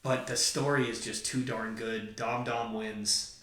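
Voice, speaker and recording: A man's voice: medium pitch, fairly even intonation, measured pace, pushed and bright. A man hosting a podcast, talking through wrestling fantasy booking in an enthusiastic, joking fan way. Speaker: podcast host. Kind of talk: casual fantasy-booking talk. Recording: roomy echo, far from mic.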